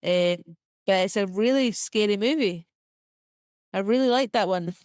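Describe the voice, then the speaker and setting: A young Scottish woman chats loosely as a podcast guest, scattering fillers and little laughs through her talk. Her voice sits at an ordinary middle pitch. The recording is close and dry, with no room sound. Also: a little mellow, no room sound. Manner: chatty, filler-heavy, quick self-deprecating laughs. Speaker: comedian and actor guest. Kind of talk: casual podcast interview.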